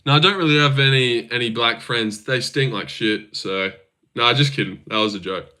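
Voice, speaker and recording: A man's voice: medium pitch, moderate pace, bright, forceful tone, clear, resonant tone. A young man chatting casually on a stream, joking, teasing and swearing as he reacts.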